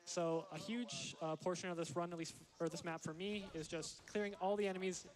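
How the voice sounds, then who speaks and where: A man's voice: high-pitched, steady tone, brisk. A man casually explaining a speedrun route in live commentary.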